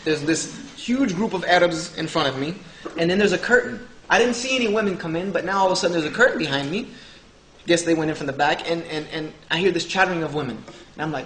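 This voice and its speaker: A man's voice: on the high side, lively intonation, fast talker, fairly bright tone, slight background noise. A man telling a humorous personal story to an audience, acting out the dialogue of others. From Southern United States. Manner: joking, acts out the dialogue of others. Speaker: speaker telling his story. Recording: echoey hall with faint ambience.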